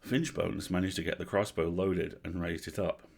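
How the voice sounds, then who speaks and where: Deep-voiced man reading a story aloud. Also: creaky. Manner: steady, measured storytelling. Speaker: livestream story reader. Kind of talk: reading a horror novel aloud.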